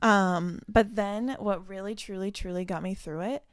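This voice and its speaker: Young woman, casual podcast chat, animated storytelling, dry close sound. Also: mid-range voice, normal speed, smooth, dry recording. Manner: animated storytelling, many "like"s, reads her texts aloud. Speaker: podcast co-host.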